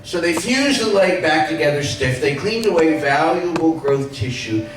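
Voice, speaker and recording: A man's voice: on the high side, lively intonation, normal speed, distant mic, a little hiss or hum. A man in his sixties giving an inspirational speech, telling a personal story with comic punchlines. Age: 60s. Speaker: inspirational speaker. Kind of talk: motivational speech. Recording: echoey hall, heard from afar.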